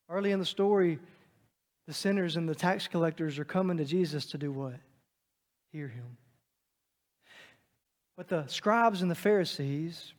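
Preacher, male, high-pitched voice, dynamic sermon delivery, loud to hushed, in a large hall with long reverb.

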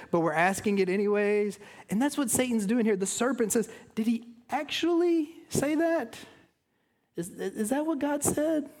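A man preaching a sermon as pastor, earnest, often dropping to a hush at the ends of phrases. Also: high-pitched.

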